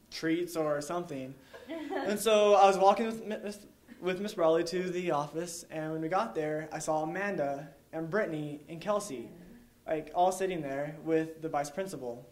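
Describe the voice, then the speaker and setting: A man's voice: a little high, moderate pace. Young man telling a rambling story. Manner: rambling, heavy use of "like", chuckles while telling. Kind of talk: live storytelling to an audience.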